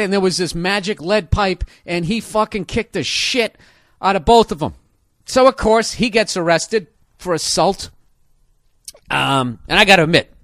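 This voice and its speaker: A man telling a comic story as a profane rant, animated and full of sound effects. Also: on the high side, dry recording, clean studio sound.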